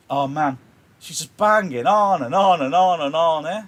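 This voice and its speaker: A man's voice: a little high, normal speed. A man teaching a play on a livestream, explaining in a chatty way with wry asides. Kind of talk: casual livestream lesson on a play.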